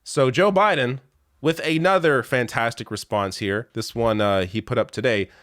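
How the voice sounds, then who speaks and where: A man's voice: medium pitch, moderate pace, fairly bright tone, dry recording. Exasperated male political commentator, dry sound. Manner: exasperated, sarcastic, rattles off lists.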